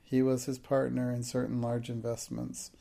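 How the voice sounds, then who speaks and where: A man voicing a solicitor who speaks in a quiet, level, steady and cool manner. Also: medium pitch, normal speed, vocal fry.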